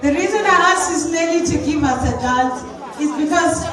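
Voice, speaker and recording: A woman acting as MC at a ball, addressing the room in a measured way and asking the guests for quiet. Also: high-pitched. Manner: measured, repeats calls for quiet. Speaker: event MC. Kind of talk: announcing to a hall. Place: large indoor hall. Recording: echoey hall from far off, crowd behind.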